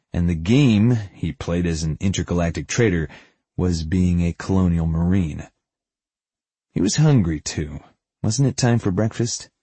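A man narrating an audiobook in a very deep, husky voice. His telling is steady and even. The recording is dry and close, with no room around him. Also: no echo. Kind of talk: scripted narration.

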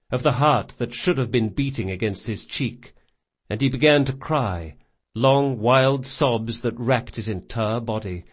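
A man reading a fantasy novel aloud in slow, measured, dramatic narration. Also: mid-range voice. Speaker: audiobook narrator.

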